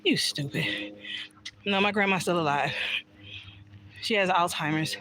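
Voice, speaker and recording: A woman's voice: on the low side, measured pace, bright, forceful tone, a little hiss or hum. A woman chatting casually on a livestream while walking outdoors in the evening, frankly and with swearing, reading viewer comments aloud. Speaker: livestream vlogger.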